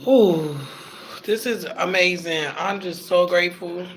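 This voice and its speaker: Male vlogger, high pitch, unhurried delivery, heartfelt and tearful. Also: a bit bright, slight background noise, low-quality recording. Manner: tearful, heartfelt, casual slang. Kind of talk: emotional reaction vlog.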